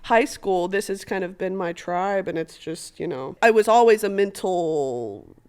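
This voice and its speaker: A young woman in her twenties, a podcast guest chatting casually, bubbly and prone to loud bursts of laughter and free swearing. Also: medium pitch, unhurried, smooth. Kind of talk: casual interview chat.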